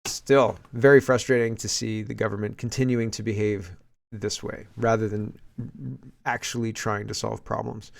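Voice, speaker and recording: A man's voice: lowish voice, flat delivery, moderate pace, creaky. Man casually reading and commenting on posts. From Canada. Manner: conversational, reads quotes aloud then comments, frequent fillers and restarts. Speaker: political commentary host.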